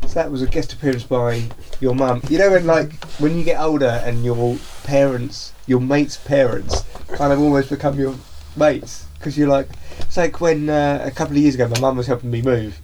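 A young man hosting a podcast, chatting casually and bantering with friends, quick to laugh. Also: mid-range voice, fairly even intonation, darkish tone, a little hiss or hum. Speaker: podcast host. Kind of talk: casual chat.

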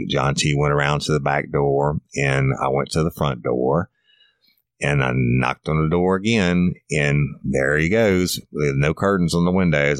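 Very deep-voiced man telling a police story. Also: a bit bright, no echo, studio quality. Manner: blunt, profane, laughs while telling. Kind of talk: casual storytelling.

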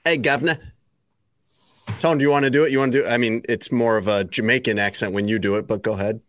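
A man's voice: fairly low pitch, fairly even intonation, rapid-fire, no room sound. A man hosting a podcast in casual banter, rambling and joking with lots of "like" fillers. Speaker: podcast host.

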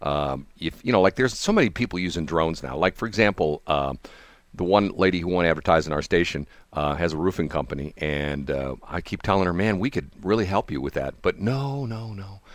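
Animated chatty male radio host. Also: low-pitched, fairly quick, no room sound. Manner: animated, rambling, laughs often. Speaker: radio morning show host. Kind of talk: casual on-air chat.

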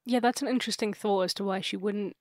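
A woman's voice: mid-range voice, steady tone, fast talker, dry recording, studio quality. A woman co-hosting a podcast, reacting playfully and joking in casual chat. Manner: playful, jokey, acts out silly scenes. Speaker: podcast co-host.

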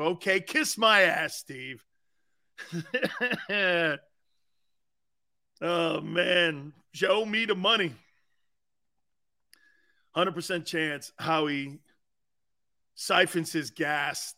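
Man, sports talk host, high voice, bright and forceful, rambling anecdotes, frequent laughter. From Sicilian-American heritage. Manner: rambling storytelling, acting out quoted voices; laughs often between lines. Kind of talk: animated sports talk show banter.

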